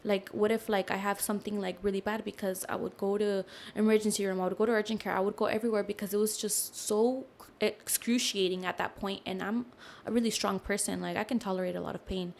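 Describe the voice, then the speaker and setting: This young woman talks fast with vocal fry and hardly pauses while telling a personal story as a podcast guest. Her casual, animated delivery is filled with fillers, she lowers her voice for quoted lines, and a slight hiss or hum can be heard.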